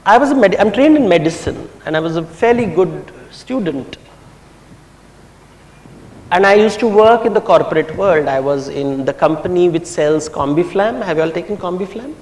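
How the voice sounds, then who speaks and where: A middle-aged man from India, speaking, telling personal stories in a reflective, unhurried public talk at a commemorative function. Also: sits high, animated, a little mellow. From India, grew up in Bombay. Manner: reflective, unhurried storytelling with pauses. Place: large hall or auditorium. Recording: echoey hall with long reverb.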